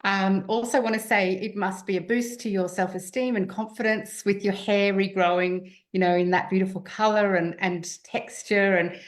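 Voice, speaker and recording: A woman hosting an interview over a video call, affirming her guest in a measured way. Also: medium pitch, steady tone. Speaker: host. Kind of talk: casual interview chat.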